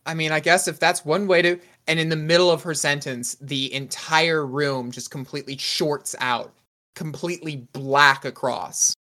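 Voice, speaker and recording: A game master narrating a tabletop game in a lively way, with lots of fillers. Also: mid-range voice, normal speed.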